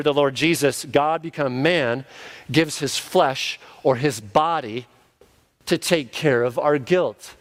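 A man's voice: a little high, a bit bright. A man, a pastor, preaching an earnest sermon and now and then acting out the voices of the people he quotes.

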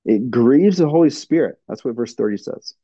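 Earnest male pastor, mellow voice. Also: medium pitch, animated, normal speed, husky, dry recording, muffled recording. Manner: earnest, plainspoken, frequent fillers and restarts. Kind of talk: sermon-style teaching with audience questions.

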